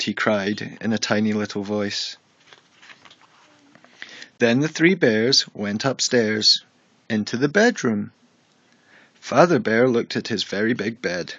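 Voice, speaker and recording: A man narrating a bedtime story in a measured, expressive storybook reading. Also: fairly low pitch, no room sound, lo-fi sound.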